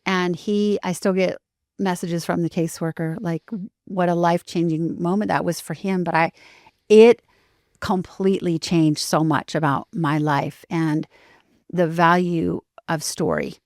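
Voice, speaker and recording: A woman guest on a podcast, telling a story in an animated way and acting out the dialogue. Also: fairly low pitch, a little slow, no room sound, clean studio sound. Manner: animated, acts out dialogue with lively shifts.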